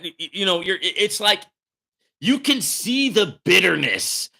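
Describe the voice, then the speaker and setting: Sarcastic, animated man hosting a livestream. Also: on the high side, vocal fry. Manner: sarcastic, mocking, animated with sudden jumps in loudness. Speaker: host of a livestream. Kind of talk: live-stream commentary reading out a report.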